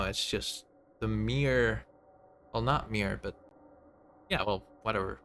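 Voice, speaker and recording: A man streaming a game at an unhurried, drawn-out pace. His voice sits a little low, and he muses aloud with filler words as he reads the dialogue. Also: fairly bright tone, slight background noise.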